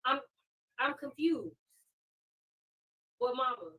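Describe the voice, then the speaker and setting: A woman's voice: high-pitched, expressive, slow, a bit bright. A woman hosting a live stream, ranting heatedly in casual commentary and firing off repeated rhetorical questions. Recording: distant mic.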